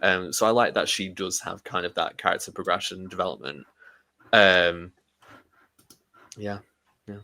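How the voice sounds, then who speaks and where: A man's voice: deep voice, a little slow, gravelly, pauses often, bright, forceful tone. A man hosting a film podcast, thoughtful and hesitant with frequent fillers. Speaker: podcast host. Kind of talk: casual film discussion.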